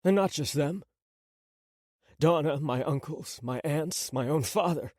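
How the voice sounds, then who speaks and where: A man narrating a romance audiobook in a slow, dramatic first-person telling. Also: fairly high pitch, darkish tone, dry recording.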